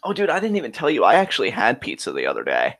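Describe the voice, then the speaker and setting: A man's voice: medium pitch, huge pitch swings, racing, fairly bright tone. A man co-hosting a live wrestling reaction show in casual, crude, sarcastic chat, swearing freely.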